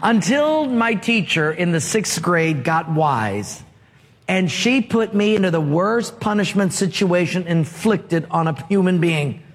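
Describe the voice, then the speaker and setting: High-voiced slow-preaching pastor, echoing hall. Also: male voice, expressive. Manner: storytelling, asks the congregation questions. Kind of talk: sermon. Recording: long hall reverb.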